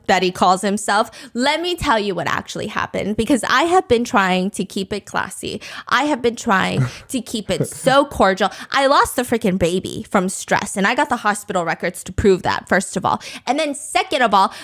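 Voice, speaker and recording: A woman's voice: on the high side, a bit bright. A woman voicing a furious young influencer ranting on a livestream, cursing and sarcastic.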